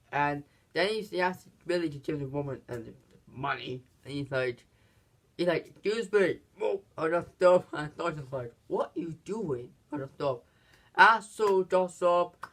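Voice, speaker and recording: Halting, filler-heavy movie reviewer. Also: a bit bright. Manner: halting, many fillers and restarts; acts out quoted lines in higher voices. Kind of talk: casual plot recap.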